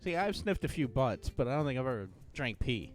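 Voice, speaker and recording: Playful male podcast host, animated and highish, faint music under. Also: fairly quick. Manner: jokey, playful, reads news aloud. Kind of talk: casual podcast chat.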